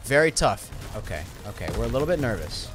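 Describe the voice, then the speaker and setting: A young man giving casual, chatty gameplay commentary, swinging between loud hype and quiet muttering. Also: medium pitch, big pitch swings, quick pace, over music. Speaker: gaming YouTuber.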